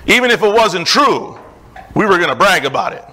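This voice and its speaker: A man's voice: high voice, big pitch swings, a little fast, bright, forceful tone. A middle-aged man preaching a sermon as pastor, with an emphatic, repetitive cadence and casual asides.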